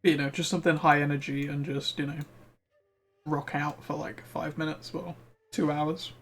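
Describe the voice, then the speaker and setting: A man's voice: a little high, level tone, normal speed, a bit bright, a little hiss or hum. A man giving casual, chatty commentary while he plays a game live, swearing freely and sounding a little worn, as he is losing his voice. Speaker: game streamer.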